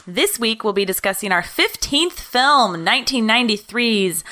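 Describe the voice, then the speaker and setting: A woman's voice: fairly high pitch, lively intonation, normal speed, few pauses, sharp tone. A woman co-hosting a casual film-review podcast, playful and teasing. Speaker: podcast co-host.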